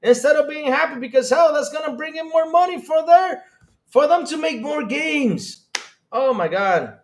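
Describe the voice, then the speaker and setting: A man hosting a live stream, reading chat aloud and reacting with excitable disbelief and frequent laughter. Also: very high-pitched. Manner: excitable, incredulous, laughing, rapid swings in loudness.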